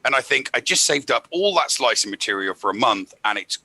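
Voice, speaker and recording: A man's voice: mid-range voice, animated, fairly quick, creaky, sharp tone, no echo. A man on a live game panel, chatting casually and pressing his points with a repeated "you know".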